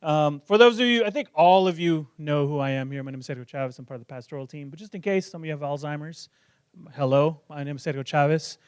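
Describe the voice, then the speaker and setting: A man's voice: on the high side, fast talker, clean tone, dry recording, studio quality. A male pastor preaching a sermon in a joking, self-deprecating, conversational way.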